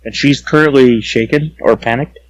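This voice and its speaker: A man's voice: medium pitch, moderate pace, slight background noise, rough recording. A man playing a tabletop game over voice chat, casual and asking rule questions. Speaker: player.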